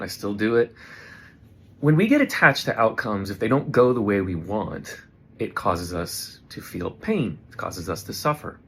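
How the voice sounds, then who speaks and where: A man's voice: on the low side, a bit bright, slightly rough. A man giving an earnest, reflective motivational talk straight to camera, talking himself through his points. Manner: earnest, reflective, self-coaching. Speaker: vlogger. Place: indoors in front of a camera.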